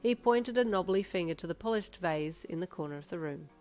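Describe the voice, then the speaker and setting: A woman reading a fan story aloud in the second person, telling it at a steady storytelling pace. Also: lowish voice, a little fast, faint music behind. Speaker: story reader.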